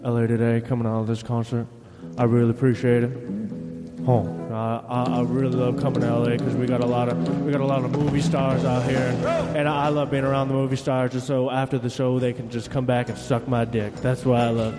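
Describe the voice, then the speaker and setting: A man doing an impression of a famous singer, a crude rock star rambling to a concert crowd in a lowered drawl. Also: flat delivery, fairly quick, in a large hall, over loud music, natural voice. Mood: smug.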